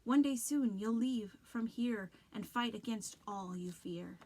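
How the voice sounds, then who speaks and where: A woman's voice: on the high side, unhurried, a little mellow. A woman reading a storybook aloud, voicing a haunted boy who whispers eerie rhymes and warnings.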